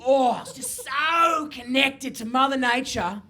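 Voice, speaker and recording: A man's voice: very high voice, measured pace, pushed and bright, pitched above the performer's own voice, full character voice. A man with an Australian accent voicing a rambling hippie stoner uncle in his late fifties, drawling dreamily and saying "man" over and over. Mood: stoned rambling.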